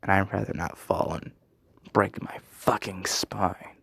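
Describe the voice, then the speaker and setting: Gravelly low-voiced rambling man. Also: steady tone, unhurried, a bit bright, no echo. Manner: rambling, swearing, many fillers. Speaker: fan storyteller. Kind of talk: casual spoken fan story.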